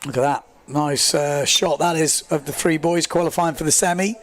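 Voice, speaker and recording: Chatty higher-voiced male race commentator. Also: normal speed. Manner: excitable, chatty, self-deprecating, rambling with fillers. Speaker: livestream sports commentator. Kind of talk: live race commentary and reading chat.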